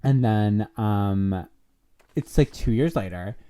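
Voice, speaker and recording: A woman co-hosting a podcast in a casual chat, animated and chatty, filling her talk with ums and likes. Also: extremely low pitch, slow pace, clear, resonant tone. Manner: animated, chatty, with many fillers. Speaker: podcast co-host.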